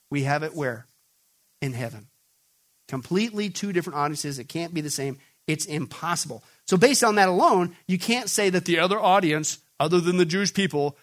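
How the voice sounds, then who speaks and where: A man's voice: high voice, fairly bright tone. A male pastor preaching an emphatic sermon, often throwing questions back at the congregation. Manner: emphatic call-and-response questioning.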